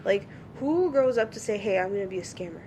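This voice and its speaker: A woman in casual podcast chat, retelling calls by playing both voices and swearing without restraint. Her pitch sits in the middle range for a woman. A faint low rumble runs under the recording. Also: quick pace. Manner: animated storyteller, swears freely, acts out both sides of calls. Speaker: podcast co-host.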